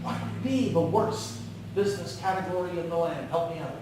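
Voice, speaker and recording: A man giving a live motivational business talk in a large room, animated and coaxing the audience to call out answers. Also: a little high, normal speed, background noise. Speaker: keynote speaker. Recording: very echoey hall, far from the mic.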